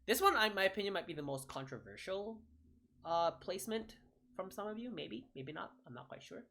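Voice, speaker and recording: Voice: medium pitch, big pitch swings, a little fast, gravelly, pushed and bright. A young adult gaming creator giving casual card-ranking commentary, rambling and often correcting and hedging mid-sentence.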